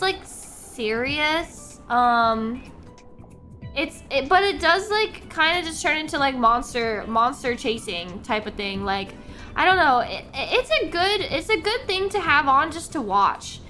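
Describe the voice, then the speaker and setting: A woman's voice: high voice, animated, unhurried, pushed and bright, faint music behind. A young woman streaming as a VTuber, chatting casually with viewers in a rambling, giggly way full of restarts and fillers. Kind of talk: casual live-stream chat.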